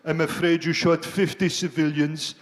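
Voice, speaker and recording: A man's voice: fairly high pitch, flat delivery, moderate pace, close to an everyday voice. A man putting on a blunt male army range instructor handing out results in a matter-of-fact way. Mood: deadpan.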